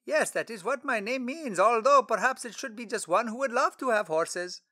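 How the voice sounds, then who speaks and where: A man voicing a friendly, eager Greek traveler in an audiobook story, with a lifted, lively voice. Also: very high voice, moderate pace, pitched above the performer's own voice, heavily acted.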